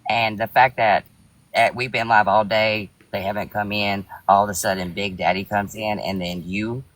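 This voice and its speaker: A man's voice: fairly low pitch, steady tone, normal speed, a bit bright, no room sound, low-quality recording. A man hotly accusing someone during a live stream argument, swearing and confrontational.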